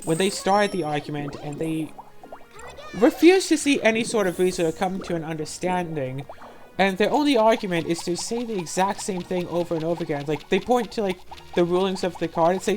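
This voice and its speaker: A woman hosting a let's-play who rants in an animated, sarcastic way. Her voice sits fairly low but swings widely in pitch as she talks. Faint game music plays softly behind her. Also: brisk. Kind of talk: casual gameplay commentary.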